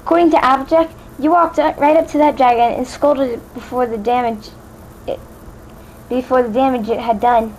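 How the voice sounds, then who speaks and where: Caring storybook unicorn mare, eager and emotional, lifted pitch; a woman reads her. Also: fairly even intonation, moderate pace, a little mellow, lo-fi sound, slight background noise, lightly acted. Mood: reassuring. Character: earnest, caring young female unicorn pony.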